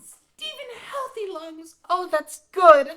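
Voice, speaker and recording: A woman's voice: very high voice, big pitch swings, takes it slowly, fairly bright tone, full character voice. A woman improvising a naive, lovesick young woman who is a gangster's sweetheart, in an audio comedy. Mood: dreamy. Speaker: improv performer.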